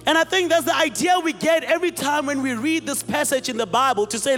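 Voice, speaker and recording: In this sermon, a very high-voiced male pastor animatedly retells a scene, putting on character voices and calling out to his congregation. He speaks a little fast and barely pauses, his voice echoing through a reverberant hall above faint music.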